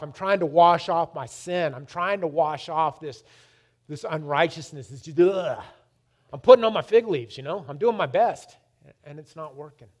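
Male preacher, slightly high voice; emphatic testimony sermon, dynamic swings from loud to hushed. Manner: repeats and restarts words.

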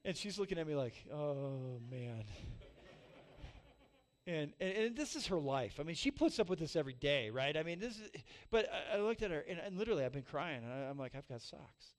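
A pastor in his forties preaching a sermon, telling a self-mocking personal story with loud peaks and soft, emotional drops. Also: a little high, very animated, fast talker, hardly any pauses.

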